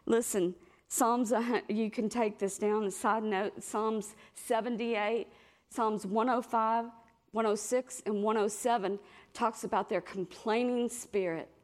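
Middle-aged lady preaching, lively storyteller, acts out the voices in her stories. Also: fairly high pitch, a little slow. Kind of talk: sermon.

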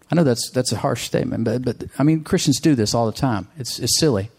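This is a man delivering a sermon in an ordinary mid-pitched voice. He leans on repetition, says lines again and again, and keeps asking his listeners for an amen. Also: fast, hardly any pauses, darkish tone. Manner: emphatic, calls for amens, repeats phrases. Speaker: preacher.

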